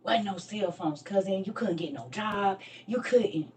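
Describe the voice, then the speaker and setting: A woman in her thirties pours out a personal story, moving from quiet, low stretches into loud, impassioned outbursts. Her pitch sits in an ordinary middle range. She sounds set back from the microphone, so the voice carries some distance. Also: measured pace, few pauses. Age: 30s. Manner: impassioned, rising to near-shouting, dialect speech. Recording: voice distant from the mic.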